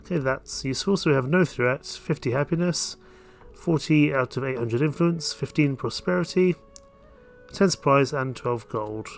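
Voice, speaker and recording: A man chats through his playthrough of a strategy game, relaxed and a little self-mocking. His voice sits at an ordinary middle pitch, and quiet game music plays behind him. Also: normal speed, vocal fry. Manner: casual, self-mocking and chatty. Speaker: gamer. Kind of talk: casual let's play commentary.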